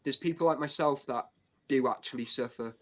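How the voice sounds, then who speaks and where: A man's voice: medium pitch, brisk. A man talking bluntly and openly in a casual live-stream chat, full of "you know" and "right".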